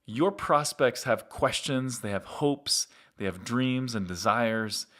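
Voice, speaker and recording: Middle-aged male host, upbeat conversational tutorial delivery, mid-pitched voice. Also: slow, fairly bright tone. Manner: upbeat, conversational, direct to viewer. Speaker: marketing agency host. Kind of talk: explanatory marketing tutorial.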